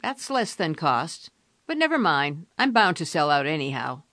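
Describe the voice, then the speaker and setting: A woman voicing an eager, cheerful young newsboy who talks brightly and earnestly. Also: low-pitched, sing-song, normal speed, no room sound, clean studio sound.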